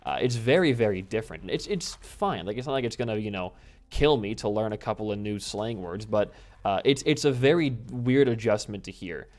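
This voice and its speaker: A man's voice: on the low side, animated, a little fast, a little mellow. Casual rambling American gamer man. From US Midwest. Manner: casual, rambling, swears freely. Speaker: gaming YouTuber. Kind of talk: gameplay commentary with storytelling.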